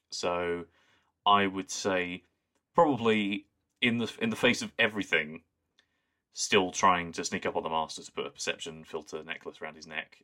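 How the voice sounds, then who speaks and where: A man's voice: low voice, pushed and bright. A young man co-hosting a podcast, chatting casually and enthusiastically. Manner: enthusiastic, quotes lines in a put-on voice. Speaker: podcast co-host. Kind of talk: casual chat.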